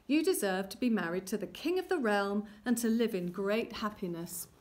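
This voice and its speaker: A woman's voice: mid-range voice, lively intonation, moderate pace, darkish tone, natural voice. A woman voicing a cunning, fond old weaver father, eager and coaxing.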